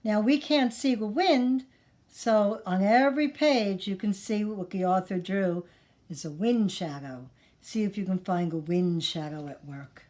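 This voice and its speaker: A woman leading a children's sing-along and story time, speaking gently in a sing-song way to young kids. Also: medium pitch, measured pace. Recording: echoey room, mic at a distance, guitar.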